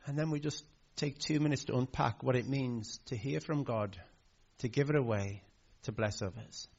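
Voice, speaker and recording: A man's voice: mid-range voice, moderate pace, gravelly, a little mellow, slightly rough, lo-fi sound. A man preaching a sermon, telling a family story in a heartfelt way with hesitant fillers. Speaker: pastor.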